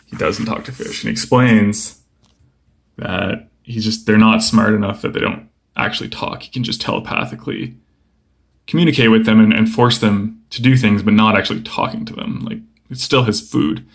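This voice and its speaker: A young man casually flipping through a comic book and chatting about each page, relaxed and rambling with lots of fillers. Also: lowish voice, normal speed, vocal fry. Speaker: comic book video host.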